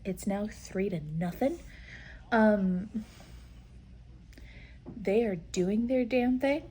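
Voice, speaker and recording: A woman chatting casually in a reading vlog, full of fillers, swearing and sudden excited outbursts. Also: mid-range voice, extremely slow, slight background noise. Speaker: book vlogger.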